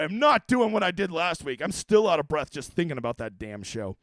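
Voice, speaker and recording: A man's voice: on the high side, sing-song, fairly quick, hardly any pauses, fairly bright tone, no echo. A man hosting a fantasy sports strategy livestream, talking in a casual, brash and profane way.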